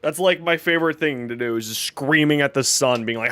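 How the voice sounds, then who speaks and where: A man's voice: mid-range voice, brisk, pushed and bright, slight background noise. A man hosting a casual game livestream, greeting viewers by name and joking as he plays. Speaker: livestream gamer.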